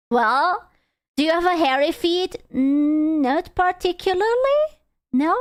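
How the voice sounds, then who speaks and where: High-voiced playful streamer woman. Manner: playful, giggly, swearing, dramatic reactions. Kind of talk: casual chat with viewers.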